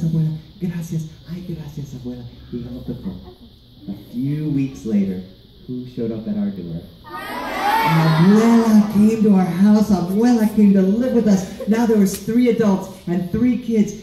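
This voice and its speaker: Male storyteller, mellow and far-off. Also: high voice. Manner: animated, asks the audience questions. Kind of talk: live storytelling to children. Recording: roomy, distant mic, light background noise.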